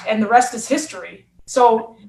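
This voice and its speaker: Animated woman telling a story. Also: fairly high pitch, moderate pace, creaky, echoey room, noisy background. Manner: animated, acts out quotes. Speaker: former hurdler and coach. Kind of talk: conversational storytelling.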